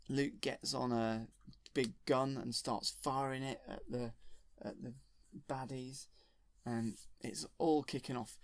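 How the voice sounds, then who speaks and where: A man retells a film from memory in a casual, rambling way, often stopping to correct himself. His pitch sits in an ordinary middle range. The recording is dry and close, with no room sound. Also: no room sound. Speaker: storyteller.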